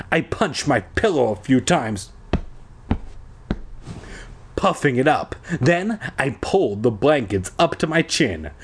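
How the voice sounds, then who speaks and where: A young man reading a storybook aloud with sarcastic asides, animated and playful. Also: medium pitch, breathy edge.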